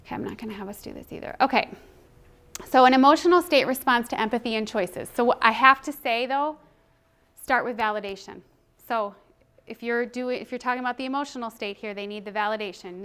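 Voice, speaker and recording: A woman giving a conversational presentation to educators, animated and chatty, sometimes acting out children's voices. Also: on the high side, fairly quick, smooth. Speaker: presenter on child emotional development.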